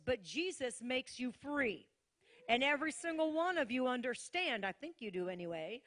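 A woman's voice: sits high, a bit bright. A woman pastor preaching a sermon to a congregation in a church, emphatic, repeating key lines and calling out to listeners.

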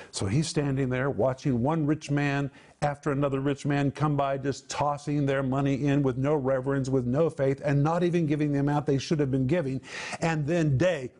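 A man's voice: medium pitch, darkish tone. A man presenting a televised Bible teaching, explaining word meanings with emphatic repetition.

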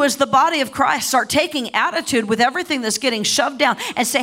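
A middle-aged woman preaching a sermon, impassioned and repeating herself often, rising to shouted declarations. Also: sits high, fast, few pauses. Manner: repeats and restarts words often.

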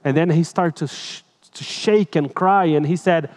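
Telling personal stories, a male pastor with a voice on the high side delivers an emotional, dramatic sermon at a moderate pace. He swings between loud and hushed moments with animation, and his English phrasing is a bit broken.

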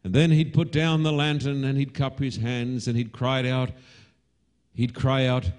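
A man preaching a sermon, telling a story slowly and dramatically and rising to loud cries when he voices the calls. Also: mid-range voice, flat delivery.

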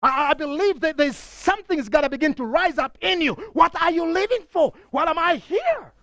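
A middle-aged man preaching a fervent sermon, reading scripture aloud and rising to near shouting. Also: extremely high pitch, lively intonation, normal speed, no room sound, studio quality. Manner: reads scripture passages aloud.

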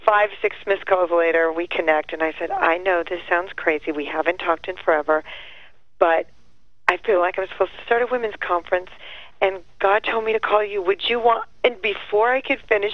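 A middle-aged woman guest tells her stories with lively energy and swings her pitch high when she quotes others. Her voice comes over a muffled phone line, dry and close. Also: fairly quick, no echo. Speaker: guest, actress and singer. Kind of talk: animated storytelling interview.

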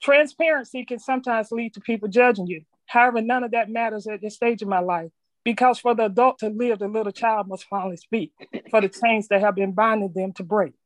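A middle-aged woman reads a personal reflection aloud to a group, sharing her story in an earnest, measured way that stumbles now and then. Her voice is on the high side, with no room sound.

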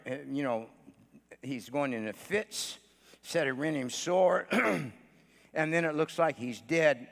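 Guy preaching in a big church, bright sharp voice, kinda high, says uh a lot, loud then quiet. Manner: swings from shouted declarations to hushed storytelling; frequent "uh" fillers between phrases. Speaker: pastor. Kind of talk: sermon. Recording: long church hall reverb.

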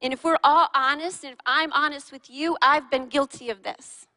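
A woman preaching a sermon to a congregation in a church hall. She speaks in an animated way, firing questions at her listeners and teasing them. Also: sits high, moderate pace. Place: large church hall with a live and online congregation. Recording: long reverb of a large hall.

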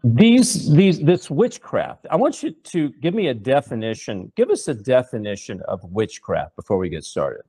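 A man's voice: medium pitch, sing-song, normal speed, hardly any pauses, dark tone, breathy edge. A middle-aged man hosting a religious talk show, preaching fervently with rhetorical questions and repeated words. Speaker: host and preacher.

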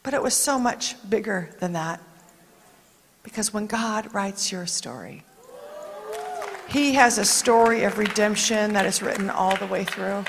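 A woman preacher giving a dramatic sermon that rises to shouts. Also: mid-range voice, unhurried, vocal fry, slight background noise. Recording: long reverb in a large hall.

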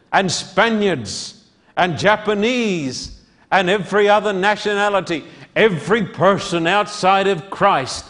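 A man from Australia, preaching a sermon slowly and emphatically with dramatic pauses. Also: a little high, a bit bright.

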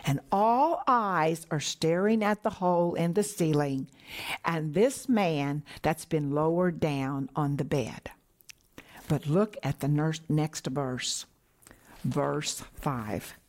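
A middle-aged woman minister preaching a sermon, slow and emphatic, sometimes dropping to a whisper for key points. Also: low-pitched.

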